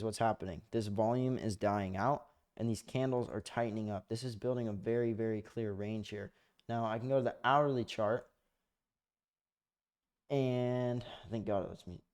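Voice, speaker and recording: A man's voice: mid-range voice, moderate pace. A young man giving a loose, rambling trading lesson over his screen, swearing often and full of fillers, at a desk microphone. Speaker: trading educator. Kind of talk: casual screen-share lesson.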